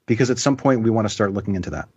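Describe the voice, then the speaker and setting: A man as an interview guest, explaining his plans in a relaxed, thoughtful way. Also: lowish voice, rapid-fire, slightly rough. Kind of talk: casual interview.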